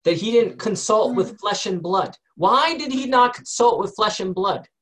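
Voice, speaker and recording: A man's voice: high-pitched, lively intonation, moderate pace, fairly bright tone, breathy edge. A man leading a group Bible study in a conversational way, often asking the group questions and using many fillers.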